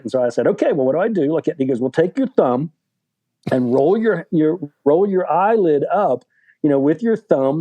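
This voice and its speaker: In a casual storytelling interview, a guest author in his sixties from West Virginia speaks at medium pitch with a relaxed, mellow tone. He rambles chattily, sprinkling in "like" and "you know" and laughing at his own anecdote.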